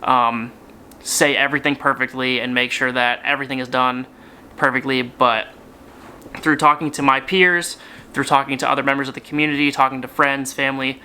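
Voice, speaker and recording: A man's voice: mid-range voice, little pitch movement, normal speed, bright, forceful tone, a little hiss or hum. A young man hosting his channel, making an earnest direct-to-camera appeal to his viewers, speaking sincerely and emphatically in strings of short phrases. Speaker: YouTube channel host.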